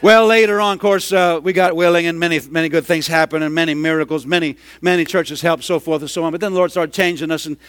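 A middle-aged man preaching a sermon, telling a story and rising into loud, excited hollering. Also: on the high side, quick pace, few pauses, dry recording. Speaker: pastor.

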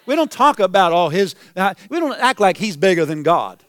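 Emphatic preaching man, high clear voice. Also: sing-song, normal speed, no room sound. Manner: emphatic preaching, repeats phrases, rises to shouts. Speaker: pastor. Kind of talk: sermon.

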